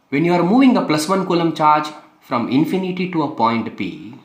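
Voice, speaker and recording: Emphatic physics teacher, echoey. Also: male voice, medium pitch. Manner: repetitive, emphatic, asks rhetorical questions. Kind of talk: classroom lecture.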